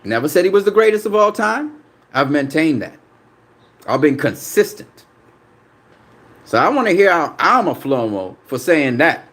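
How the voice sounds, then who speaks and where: Combative male stream host, fairly high and very lively delivery, profane, repetitive. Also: moderate pace, pauses often. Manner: combative, profane, repeats himself for emphasis. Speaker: boxing channel host. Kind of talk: live-stream chat replying to viewer comments.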